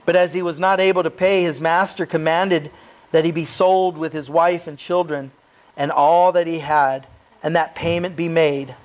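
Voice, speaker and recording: A pastor with a slightly raised pitch preaches in a church. He moves between reading scripture and relaxed, joking asides. He keeps asking his listeners rhetorical questions. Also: moderate pace, a little hiss or hum. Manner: reads scripture then adds casual, joking asides. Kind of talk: expository sermon.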